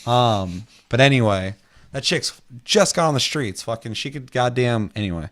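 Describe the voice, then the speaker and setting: A man with a mid-range voice talks at a normal speed while co-hosting a gaming podcast. He tells a story in casual conversation, cursing freely and acting out quotes with a lot of energy.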